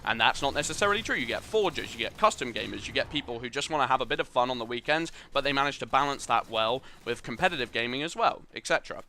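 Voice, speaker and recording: Bright-voiced young man rambling gameplay commentary. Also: mid-range voice, animated, fast, few pauses, a little hiss or hum. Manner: earnest, opinionated, rambling with fillers. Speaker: gaming channel host.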